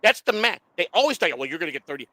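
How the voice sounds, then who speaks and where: This high-pitched man races through a long, profane story while hosting a casual online show, animatedly acting out the voices of everyone involved. The recording is dry and the audio quality poor.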